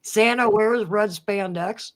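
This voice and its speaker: Giggly woman cohost reading chat out loud, slow easy talker. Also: medium pitch. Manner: giggly, reads viewer comments aloud. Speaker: stream co-host reading chat. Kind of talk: casual late-night chat.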